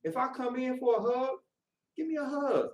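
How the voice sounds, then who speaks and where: A man preaching a sermon in casual, conversational speech, lively as he acts out voices. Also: very high voice, moderate pace. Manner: animated, acts out quoted voices. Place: worship hall. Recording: echoey room, voice from far off.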